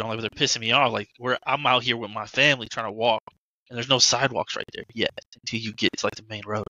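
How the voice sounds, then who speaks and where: Young man, casual podcast chat, bright voice, dry close sound, swearing storyteller. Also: on the low side, fairly even intonation, fast talker, no echo, rough recording. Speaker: podcast co-host.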